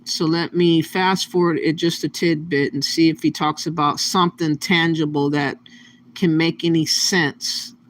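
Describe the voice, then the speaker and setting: A man hosts his channel with casual, plain-spoken reaction commentary, his voice a little on the high side. A faint hiss of noise sits under his talk. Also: steady tone, a little slow, fairly bright tone. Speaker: channel host.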